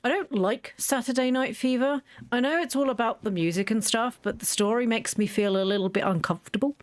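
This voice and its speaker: A woman's voice: mid-range voice, no echo. A woman chatting casually while she plays a video game, rambling and often restarting her sentences. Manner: chatty, rambling, self-interrupting. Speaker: gaming channel host. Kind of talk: casual let's-play commentary.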